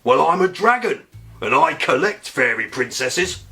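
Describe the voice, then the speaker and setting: A man plays a huge female dragon in a bedtime story who is gruff and blunt but secretly vain. She drawls her words slowly, and her voice rises and falls widely. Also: on the high side, animated, pushed and bright, faint music behind, exaggerated voice.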